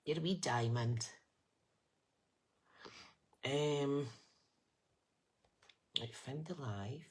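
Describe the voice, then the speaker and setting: A woman's voice: low voice, lively intonation, slow, pauses often, low-quality recording. A middle-aged woman hosting a chatty craft live stream with a bunged-up nose, rambling and greeting viewers by name. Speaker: craft livestream host.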